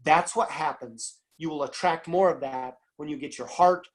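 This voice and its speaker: Man, network marketing speaker, animated storytelling, acts out phone calls, talks straight to the audience. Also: fairly high pitch, moderate pace. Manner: storytelling, acts out both sides of a phone call in quoted voices; animated, emphatic, addresses audience as guys. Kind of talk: casual motivational talk.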